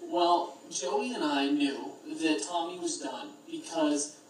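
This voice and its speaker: A man's voice: on the high side, slow, slight background noise. A man in his twenties giving a best man's toast, telling stories in a chatty way and laughing at his own jokes. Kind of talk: wedding toast storytelling. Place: wedding reception hall. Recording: echoey reception hall from far off.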